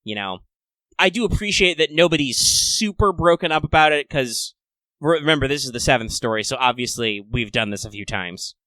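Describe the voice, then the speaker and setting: Male podcast co-host, bright tone, dry close sound, chatty and playful. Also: mid-range voice, brisk, dry recording. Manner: chatty, playful and upbeat, with excited asides. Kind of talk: casual fan discussion podcast.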